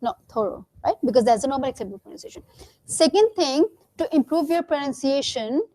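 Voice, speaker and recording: A woman's voice: high voice, lively intonation, quick pace, warm tone, no echo. A woman coaching a class for a test, firm and corrective, drilling words by repeating them. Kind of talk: classroom teaching.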